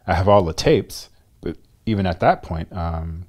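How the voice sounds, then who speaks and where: Middle aged guy on an interview, real low voice, tells it animated, stumbles and repeats words. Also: moderate pace. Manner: animated, acts out dialogue, repeats words when restarting. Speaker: interview guest. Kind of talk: candid storytelling in a long-form interview.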